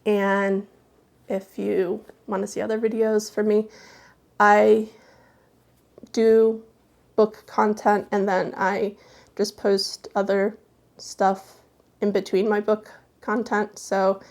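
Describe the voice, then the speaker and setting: Slow, gravelly-voiced woman storyteller. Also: medium pitch, level tone. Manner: folksy storytelling dialect, then soft hesitant chat. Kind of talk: reading a horror story aloud.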